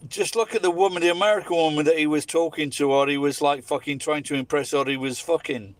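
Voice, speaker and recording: A man's voice: a little high, steady tone, fast talker, dry recording. A Scottish man delivering a blunt, heavily profane, opinionated rant in a casual monologue. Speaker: vlogger.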